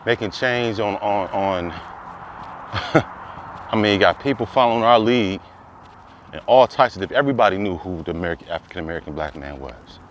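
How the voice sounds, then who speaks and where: A man's voice: on the low side, expressive, normal speed, long pauses, lo-fi sound, a little hiss or hum. A man delivering an impassioned monologue, preaching with repeated rhetorical questions that climb to emphatic peaks. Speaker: commentator.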